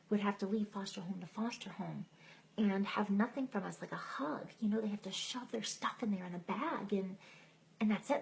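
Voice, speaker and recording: A woman's voice: lowish voice, gravelly, darkish tone, low-quality recording. A middle-aged woman giving a candid, emotional personal testimony live on a stream, laughing at herself as she tells it. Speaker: speaker sharing her testimony. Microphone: phone or computer mic on a live stream.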